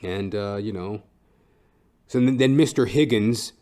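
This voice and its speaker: A man's voice: fairly low pitch, a little slow, a little mellow. A man hosting a podcast, telling a comic story in a profane, ranting way with frequent "right?". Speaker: podcast host.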